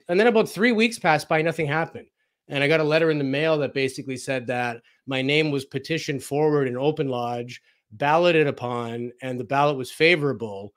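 A man's voice: mid-range voice, fairly quick. Man telling stories in an interview. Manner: anecdotal, acts out quoted dialogue, frequent fillers. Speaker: interview guest, researcher. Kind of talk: casual storytelling in a radio interview.

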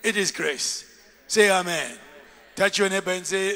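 A man preaches a lively sermon with a high, bright, ringing voice, calling on his congregation to repeat after him. His words echo with a long reverb through a large church hall, a live recording from the pulpit. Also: a little slow. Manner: animated, call-and-response preaching with laughs. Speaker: bishop, preacher.

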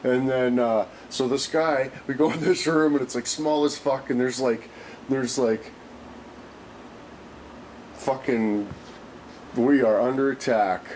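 A man's voice: mid-range voice, steady tone, takes it slowly, long pauses, darkish tone, slight background noise, poor audio. A man telling a rambling story on his vlog, swearing constantly and filling gaps with "like" and "uh". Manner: rambling, heavy swearing, many fillers. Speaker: vlogger.

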